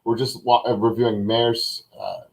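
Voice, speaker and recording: A man's voice: mid-range voice, level tone, normal speed, rough recording. Male co-host, casual live review, hesitant and thinking aloud.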